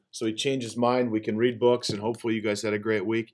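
A man's voice: on the low side, flat delivery, fast talker, few pauses, darkish tone. A man from the school staff greets students in a friendly, upbeat way and reads a picture book aloud.

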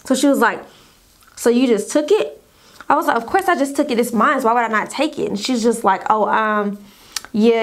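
A young woman tells a story-time tale to her camera. Her voice sits a little high, and she slips into the lines of the people in her story in an animated way. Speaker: YouTuber telling a story.

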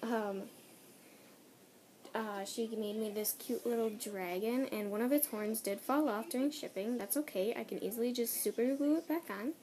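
A woman's voice: on the high side, moderate pace, a little hiss or hum. Bubbly giggly teen girl. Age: teens. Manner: bubbly, giggly, gushing with excitement. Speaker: vlogger. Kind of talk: casual unboxing chat.

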